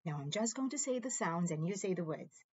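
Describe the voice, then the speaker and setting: A woman teaching a phonics lesson to young children, sounding out letters and words slowly and clearly. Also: dry recording, highs cut off. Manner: slow, clear sounding-out with lively up-and-down pitch.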